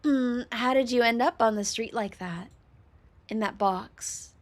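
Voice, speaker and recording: Weary, unimpressed office worker, dry delivery, unhurried, read by a woman streamer. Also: on the high side, natural voice.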